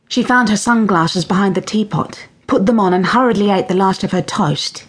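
A woman narrating a children's audiobook with expressive storytelling. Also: medium pitch, normal speed, hardly any pauses, breathy edge. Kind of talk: scripted narration of a children's book.

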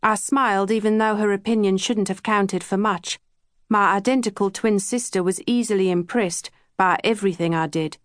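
A woman reading a first-person novel aloud, measured and even, on a close studio mic. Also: medium pitch, no echo. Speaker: audiobook narrator. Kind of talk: scripted narration.

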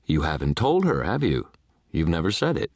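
A man voicing a steady, earnest knight who presses his friend with calm, moralizing questions. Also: sits low, normal speed, no room sound, clean studio sound, voice pushed up, heavily acted. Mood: pressing. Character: earnest, steady male knight, gently lecturing.

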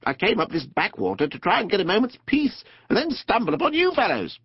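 A man voicing a sociable, gossipy male river otter with a gruff, blustery, chatty manner in a storybook reading. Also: sits high, huge pitch swings, fairly quick, voice pushed up, full character voice. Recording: dull dry studio recording.

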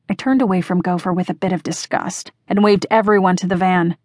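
A woman narrating a first-person mystery audiobook in a measured, expressive reading voice. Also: fairly low pitch, no echo.

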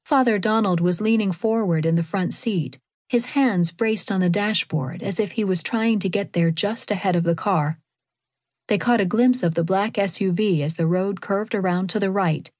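A woman narrating an audiobook in a steady, clear manner, at a middle pitch. Her voice is close and dry, recorded on a studio mic with no room sound. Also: normal speed, dry recording. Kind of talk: scripted narration.

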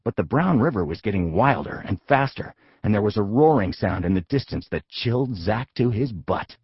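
A man narrating a comic children's audiobook with a husky voice and a lively, playful storytelling manner. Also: fairly low pitch, normal speed, no room sound, muffled recording.

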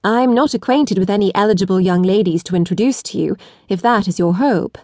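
A woman's voice: medium pitch, fairly quick, a little mellow, no echo, natural voice. Casting: a wary, formal young widow, read by a woman narrator, in a dry recording. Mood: guarded.

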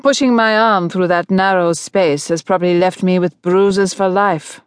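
A woman's voice: on the low side, steady tone, moderate pace, clean tone, no echo, studio quality, natural voice. Woman doing a charming teasing young man. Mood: playful. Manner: playful and joking.

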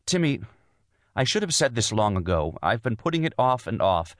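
In clean studio-quality audio with no echo, a male audiobook narrator performs a line of dialogue as a tense young wife and mother, earnestly and insistently pleading her case. His mid-range voice is pushed up in pitch yet still sounds natural, with a sing-song lilt and a moderate pace.

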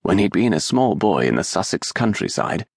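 A man reading a historical romance audiobook aloud in an expressive, measured storytelling manner, with a gravelly, husky voice on a close studio mic. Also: deep voice, no echo. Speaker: audiobook narrator. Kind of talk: scripted narration of a historical romance.

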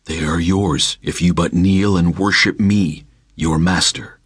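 A man narrating an audiobook, voicing a male spirit who tempts in slow, low, coaxing commands. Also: steady tone, slightly rough, dry recording, clean studio sound, heavily acted.

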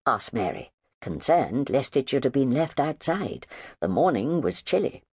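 A woman reading an audiobook as narrator, in scripted, expressive narration on a studio microphone. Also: extremely low pitch, measured pace, slightly rough, no echo.

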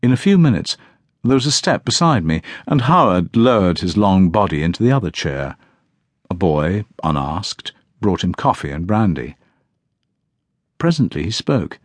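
Deep-voiced man narrating an audiobook. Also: big pitch swings, moderate pace, no echo. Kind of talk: scripted first-person audiobook narration.

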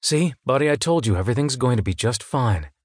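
A man voicing a gentle, comforting grown man who stays calm under pressure and speaks softly. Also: mid-range voice, fairly quick, slightly rough, no echo, clean studio sound, voice pushed up. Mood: soothing. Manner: soft and soothing.

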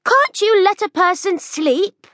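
Woman playing a grumpy sleepy girl, high voice, scolding, children's storybook. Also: expressive, slow, a bit bright, dry recording, studio quality, exaggerated voice. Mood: cross, sleepy. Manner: cross, scolding. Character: grumpy sleepy young girl in a tree house. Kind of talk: children's audiobook narration.

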